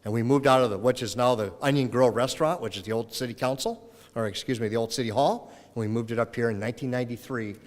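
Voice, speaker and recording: Speaking quickly in a mid-range voice, the retiring mayor, a middle-aged man from Minnesota, says goodbye with folksy anecdotes, performing the characters' voices. The council chamber at city hall gives the audio a long reverb.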